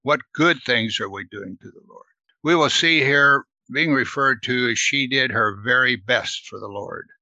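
A man's voice: medium pitch, unhurried, pushed and bright, dry recording, highs cut off. A man leading a Bible study in a conversational teaching manner, earnest and often asking his listeners "right?". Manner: earnest, asks the listeners questions, adds "right?".

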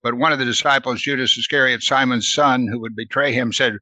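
Man, Bible study teacher, chatty and earnest, bright tone, close and dry. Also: mid-range voice, fairly even intonation, moderate pace, dry recording. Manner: earnest, asks the listeners questions, adds "right?".

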